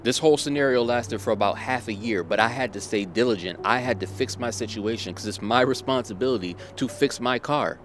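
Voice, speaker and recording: A man's voice: medium pitch, brisk, few pauses, soft background music. A man telling a personal story in a motivational monologue, emphatic and repeating his key points to drive them home. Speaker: motivational vlogger.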